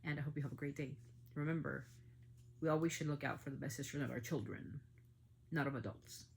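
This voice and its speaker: A woman's voice: low voice, steady tone, fast talker, vocal fry, slight background noise. A middle-aged woman hosting a family podcast, talking with anger and emphatic outbursts. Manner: angry, emphatic, with surges of loudness. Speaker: podcast host. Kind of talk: emotional commentary.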